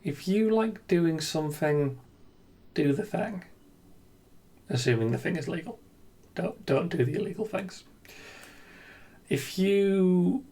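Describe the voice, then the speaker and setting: His voice is fairly high yet dark in tone as this gaming video creator works through an unscripted, reflective monologue. He comes off earnest and self-deprecating, with frequent ums and restarts.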